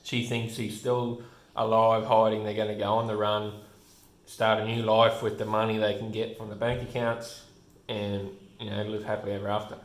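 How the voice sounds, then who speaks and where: A man casually walking through a comic book page by page, rambling and restarting his sentences, often chuckling. His voice sits on the low side. The recording carries a noticeable roomy echo. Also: little pitch movement, normal speed.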